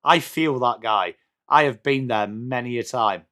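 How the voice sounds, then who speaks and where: A man's voice: mid-range voice, a little slow, sharp tone. An English man hosting a live sports watch-along stream, calling the play and chatting to viewers in between. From England. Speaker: livestream host.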